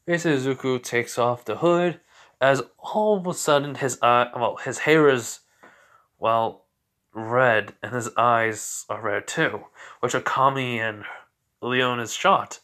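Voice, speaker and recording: A man's voice: medium pitch, a little slow, fairly bright tone. A man casually retelling a fan story, rambling and correcting himself as he goes.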